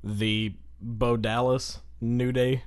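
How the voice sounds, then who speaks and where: A man co-hosting a loose podcast, talking through a wrestling show with constant fillers and bursts of laughter. His voice sits in an ordinary middle pitch. He rambles and restarts as he tells the story. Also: little pitch movement, drawn-out words. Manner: slips into exaggerated crowd voices when retelling. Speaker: podcast co-host. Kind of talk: casual chat recapping wrestling.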